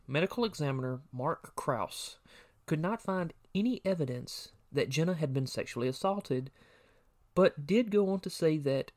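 A man at a medium pitch narrating a true crime podcast as co-host. He reads through a prepared case summary in a steady, even delivery. Now and then he drops in a short personal aside.

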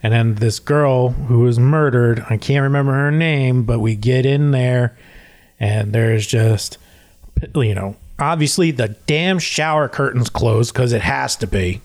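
A man's voice: mid-range voice, unhurried. Man rambling through a story. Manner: rambling, many "like" and "he's like" fillers; acts out quotes in animated retelling. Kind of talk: casual chat.

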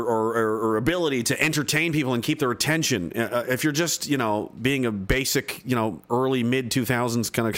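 A man's voice: mid-range voice, fairly bright tone. A man hosting a livestream, reading out chat and rambling casually, swearing and full of fillers and restarts.

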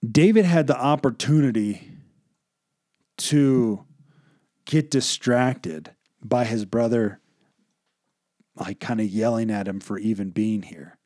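A man's voice: mid-range voice, slow pace, long pauses, darkish tone, no room sound, clean studio sound. A young man casually teaching a Bible passage, retelling the scriptures in slangy modern talk.

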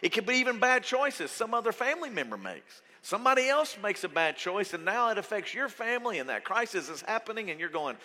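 A man preaching a sermon to his church, conversational and animated as he tells stories. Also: high voice, fairly quick, hardly any pauses. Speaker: pastor. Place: church auditorium. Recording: reverberant hall.

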